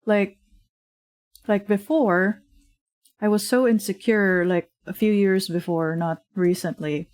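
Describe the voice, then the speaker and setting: A woman's voice: medium pitch, steady tone, takes it slowly, long pauses, a little mellow, dry recording. A woman streamer chatting casually while she draws, rambling and full of fillers, laughing often, at a desk microphone in her home. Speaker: streamer and digital artist. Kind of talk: casual livestream chat while drawing.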